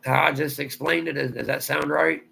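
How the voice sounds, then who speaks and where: A man's voice: a little high, fairly even intonation, normal speed, vocal fry, bright, forceful tone, breathy edge, rough recording. A man from Ohio with a Southern drawl, rambling through a casual livestream chat and answering viewer comments aloud. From Ohio, USA. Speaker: livestream host.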